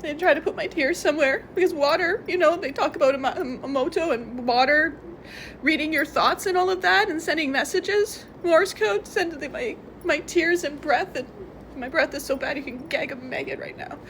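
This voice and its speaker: A woman's voice: high voice, normal speed, a bit bright, a little hiss or hum. A woman vlogger talking in a rambling, emotional confessional monologue, tearful and congested, sometimes laughing through her tears.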